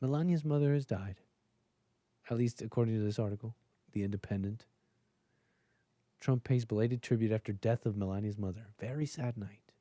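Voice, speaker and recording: A man's voice: on the low side, moderate pace, long pauses, warm tone, no room sound. A male talk show host casually reading an article aloud and breaking off for sarcastic, mocking asides, with frequent chuckles.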